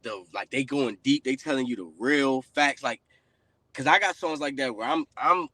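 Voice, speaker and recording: A man hosting a casual podcast, rambling with lots of fillers and often trailing off quietly. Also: medium pitch, normal speed, no echo. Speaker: podcast host.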